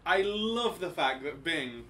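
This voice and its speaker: A man hosting a comedy show, bantering loudly with a brash, sweary, mock-announcer delivery. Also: fairly high pitch, lively intonation, slow.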